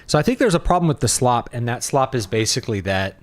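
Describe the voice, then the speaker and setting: A man's voice: medium pitch, sing-song, quick pace, dry recording. A man in his thirties streaming a game, talking casually and rambling as he thinks aloud. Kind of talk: casual gaming livestream chat.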